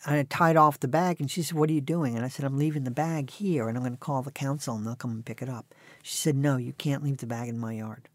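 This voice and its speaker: A man's voice: medium pitch, fast talker, no echo. A man in his sixties, an author telling dry, self-mocking stories as a guest in an interview. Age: 60s. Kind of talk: conversational storytelling.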